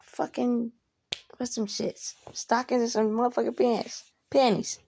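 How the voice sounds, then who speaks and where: Woman, casual storyteller; rambling and profane, with a higher-pitched voice. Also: level tone, measured pace, gravelly, warm tone. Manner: profane, rambling, asks listener "you know?".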